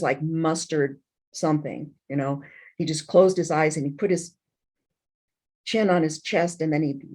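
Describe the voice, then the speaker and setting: A woman's voice: deep voice, a little mellow. Woman telling a painful family story. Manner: emotional, halting, with many restarts and fillers. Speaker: interview guest. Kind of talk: personal storytelling.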